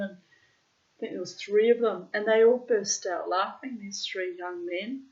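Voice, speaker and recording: A woman's voice: mid-range voice, measured pace. A middle-aged woman with a frank, profane manner, reading from her diary and chatting casually between entries. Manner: frank and profane, breaks into loud laughter. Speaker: diarist reading her journal aloud. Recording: dull, lo-fi sound.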